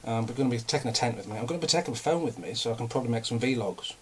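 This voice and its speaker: A man's voice: mid-range voice, lively intonation, rapid-fire, slight background noise. A young man, talking in a casual, rambling and self-mocking way, a bit out of breath. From England. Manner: ranting, self-mocking, chatty. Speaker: vlogger.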